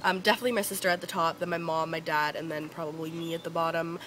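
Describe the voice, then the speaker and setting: A woman's voice: deep voice, steady tone, quick pace, a bit bright, a little hiss or hum, low-quality recording. A young woman from Northern Ontario chatting casually to camera outdoors, with lots of fillers and a giggly, rambling way of telling stories. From Northern Ontario, Canada. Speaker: beauty vlogger.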